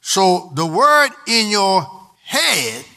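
Casting: male preacher, high bright voice, emphatic, call-and-response delivery. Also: big pitch swings, very slow, vocal fry. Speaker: pastor. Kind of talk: sermon.

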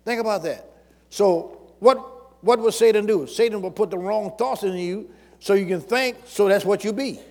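A man's voice: sits high, normal speed, darkish tone, long reverb tail. A man preaching a sermon as pastor, repeating phrases and calling out questions to the congregation.

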